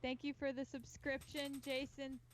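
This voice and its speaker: A woman's voice: sits high, little pitch movement, moderate pace, noisy background. A woman co-hosting a home livestream, bubbly and casual as she greets viewers by name over a webcam mic. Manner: bubbly, reading out viewer names. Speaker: band member co-hosting a livestream.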